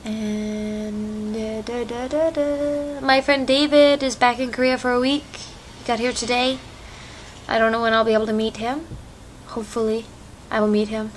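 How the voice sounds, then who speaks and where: Speaking at normal speed, a young American vlogger with a fairly high-pitched voice and fairly even intonation rambles casually, using lots of fillers. Her phone-microphone recording carries a little hiss or hum.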